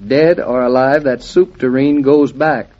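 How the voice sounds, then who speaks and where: An actor playing a teasing young husband in a vintage radio drama, wry and joking. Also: male voice, medium pitch, steady tone, unhurried, lightly acted. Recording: muffled old radio recording.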